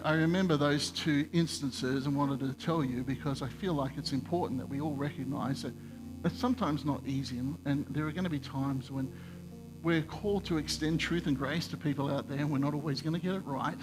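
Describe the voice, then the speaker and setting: A man's voice: fairly high pitch, fairly quick, music in the background. A male pastor, telling a personal story in a conversational, self-deprecating sermon. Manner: conversational, self-deprecating, animated when retelling dialogue.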